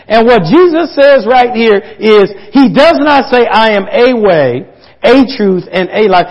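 A man preaching a sermon as pastor, swinging between loud emphatic peaks and soft hushed asides. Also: high-pitched, lively intonation, measured pace. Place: church. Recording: dull lo-fi church audio.

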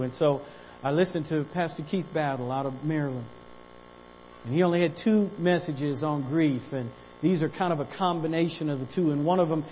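A man's voice: a little high, lo-fi sound. A man preaching a sermon as pastor, repeating words as he builds and calling on the church to say amen.

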